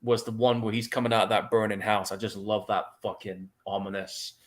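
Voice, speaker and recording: A man's voice: lowish voice, flat delivery, brisk. A man hosting a casual movie commentary podcast, laid-back and easily laughing, reading out chat comments. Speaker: podcast host.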